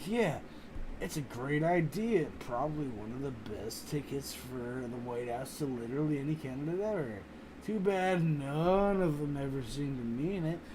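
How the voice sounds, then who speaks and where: A man chatting casually on a live stream, reading viewer comments in a rambling, profane, animated way. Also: on the high side, moderate pace, noisy background. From United States.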